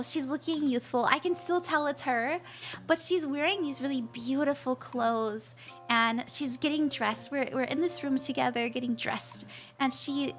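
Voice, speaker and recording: A woman's voice: high-pitched, fairly bright tone. A woman tarot-reading streamer chatting casually with her chat, joking and laughing often.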